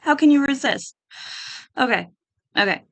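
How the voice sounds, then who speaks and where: A woman giving casual, excitable commentary over a life-sim game, gushing and giggly. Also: high voice, moderate pace, vocal fry, no echo, poor audio. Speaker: gaming creator.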